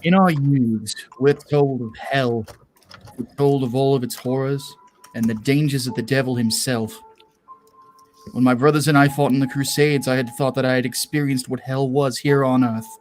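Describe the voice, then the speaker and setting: A man's voice: medium pitch, steady tone, moderate pace, darkish tone, a little hiss or hum, natural voice, low-quality recording. A man voicing a weary male crusader knight in a put-on British accent, solemnly narrating a recorded video intro.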